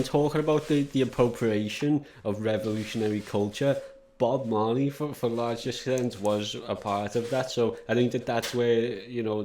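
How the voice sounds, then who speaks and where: A man hosting a casual reaction podcast, loose, excitable and swearing freely. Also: lowish voice, a little hiss or hum. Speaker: podcast host.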